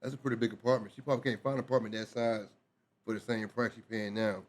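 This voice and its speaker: Loud, animated man reacting to a video. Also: fairly low pitch, fast talker. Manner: loud, animated, cursing freely. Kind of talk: casual reaction commentary.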